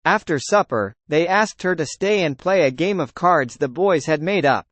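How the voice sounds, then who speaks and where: Higher-voiced man narrating a documentary anecdote. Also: lively intonation, normal speed, fairly bright tone, dry recording. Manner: storytelling that voices quoted dialogue.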